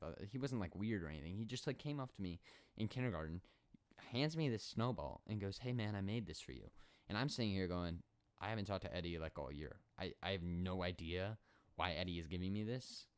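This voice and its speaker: A twenty-year-old man hosting a solo podcast, telling school stories in an animated, rambling, sarcastic way. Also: low voice, brisk, clear, resonant tone. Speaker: podcast host.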